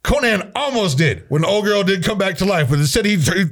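A man's voice: high voice, expressive, fairly quick, fairly bright tone. A man ranting in casual, profane chat, heated and swearing constantly as a podcast co-host.

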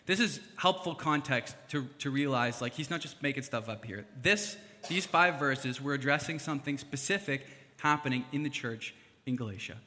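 Bright-voiced young preacher in a reverberant hall. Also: male voice, medium pitch, normal speed, hardly any pauses. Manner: chatty and animated, with fillers and asides. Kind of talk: casual sermon. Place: church hall.

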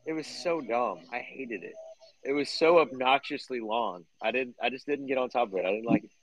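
A man co-hosting a casual sports podcast from a backyard, sharing strong opinions in short rants. His voice is mid-pitched and dry, sitting close to the mic. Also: dry recording, low-quality recording. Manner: opinionated, quick little rants. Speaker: podcast co-host. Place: backyard, outdoors.

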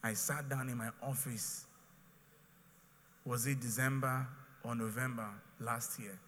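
Nigerian preacher with a bright, ringing voice. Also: male voice, medium pitch, steady tone, measured pace, in a large hall, slight background noise. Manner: emphatic, repetitive preaching with pidgin phrases. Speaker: pastor. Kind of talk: sermon.

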